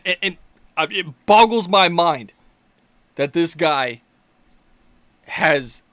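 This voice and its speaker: A man's voice: fairly high pitch, fairly bright tone, dry recording. A man hosting his own political commentary video, ranting angrily with heavy profanity and mocking sarcasm. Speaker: commentary channel host.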